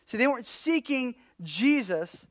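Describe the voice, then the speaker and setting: A man preaching a casual sermon, telling stories and acting out little quotes, swinging from loud bursts down to near-whispers. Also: very high-pitched, a little slow, no echo. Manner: animated storyteller, acts out quotes, drops to near-whispers. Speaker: pastor.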